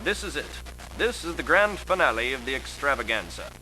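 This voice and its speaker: A man's voice: mid-range voice, sing-song, a little fast, noisy background. Man narrating a mock-serious documentary.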